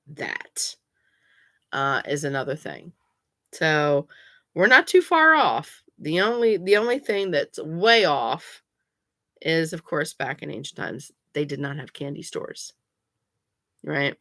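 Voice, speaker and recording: A woman talks slowly and chattily in a low, bright-edged voice. She leans hard on her points, and her words sound dry and close with no room around them. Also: big pitch swings, dry recording. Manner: emphatic and insistent, chatty with many fillers. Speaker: pagan vlogger. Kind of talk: casual explanatory talk.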